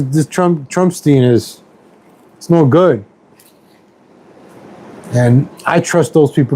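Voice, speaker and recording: A man's voice: a little high, warm tone, rough recording. A middle-aged man ranting on a casual home stream, rambling and repeating himself, angry at everything. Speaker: YouTube streamer. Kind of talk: casual political rant stream.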